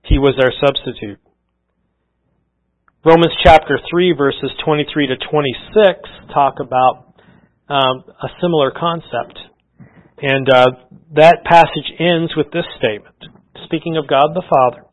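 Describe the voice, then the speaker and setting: A middle-aged man preaching a sermon with an earnest, conversational manner, often circling back and restarting his phrases. His voice sits a little high for a man. The recording is slightly dull and lo-fi. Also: a little slow. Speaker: pastor.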